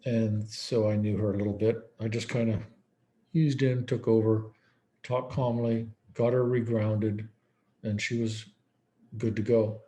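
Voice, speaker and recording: A man's voice: fairly low pitch, little pitch movement, unhurried, dark tone. A man speaking as a psychiatrist in a conference lecture, telling case stories in a conversational way. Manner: conversational, storytelling, acts out quoted dialogue.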